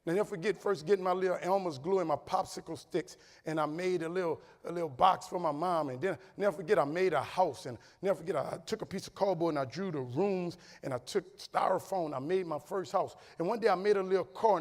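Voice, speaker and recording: Speaking fast with hardly any pauses, this New Orleans man has a voice that sits high as he delivers a motivational keynote. His energetic, funny storytelling climbs to loud punchlines, and the big conference hall adds a long echo.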